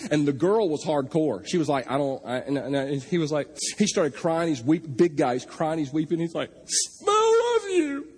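A man preaching a sermon, telling a joking, animated story. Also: a little high, breathy edge. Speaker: pastor.

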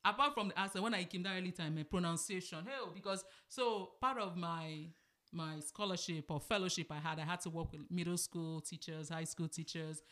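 Bright-voiced Nigerian woman telling stories. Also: on the low side, a little fast. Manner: chatty storyteller, laughs often, slips into pidgin. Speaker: podcast co-host. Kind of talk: casual chat.

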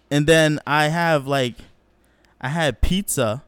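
Smooth-voiced young man telling animated stories. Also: takes it slowly, no echo. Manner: animated, profane, slangy, acts out quotes in a higher voice. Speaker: podcast host. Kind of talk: casual solo storytelling.

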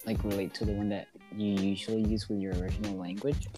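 A man's voice: fairly low pitch, flat delivery, fast, music in the background. A young man with a Greek accent, co-hosting a casual chat, rambling and hesitant with frequent giggles. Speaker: co-host.

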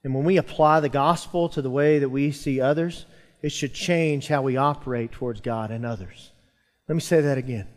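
A man's voice: mid-range voice, moderate pace, long reverb tail. A man preaching a sermon to a church congregation, building emphasis and calling out to the listeners. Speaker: pastor. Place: church sanctuary.

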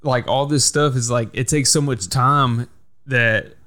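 A man's voice: medium pitch, steady tone, unhurried, sharp tone. A man hosting a casual podcast, telling stories in a heated, profane way. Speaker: podcast host.

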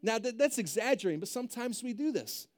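A man's voice: extremely high pitch, sing-song, fast talker. A young adult male pastor preaching a sermon in a conversational way, often checking in with "right?".

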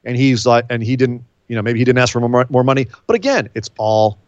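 A man in easy podcast chat, thinking out loud and tossing in dry quips. His voice sits at an ordinary pitch. The sound is muffled and lo-fi, with no room echo at all. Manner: speculative, rambling, quick to quip. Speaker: podcast co-host. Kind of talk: casual chat.

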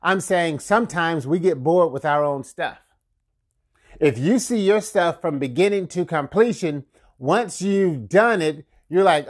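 A man hosting a marketing podcast, giving motivational business advice in an energetic, conversational way with frequent chuckles and repeated catchphrases. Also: a little high, measured pace. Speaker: podcast host and marketing coach. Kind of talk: casual motivational talk.

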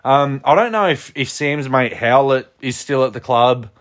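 A man in casual sports chat, animated and swearing, with many restarts. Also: mid-range voice, moderate pace. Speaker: podcast co-host.

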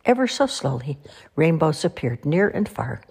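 A woman reading children's stories aloud in an expressive, sing-song way. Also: sits low, normal speed, vocal fry, breathy edge. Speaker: storyteller. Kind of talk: children's story read-aloud.

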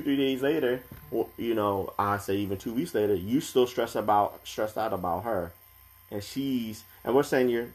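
A young man co-hosting a casual podcast chat, talking in a calm, measured, advice-giving way. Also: deep voice, gravelly.

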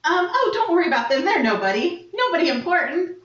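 A bubbly woman playing her character at a tabletop game. She speaks high and lively, leaning on "like". The room echoes and the sound is dull. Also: fast, recorded from a distance. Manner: bubbly, full of "like". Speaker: player.

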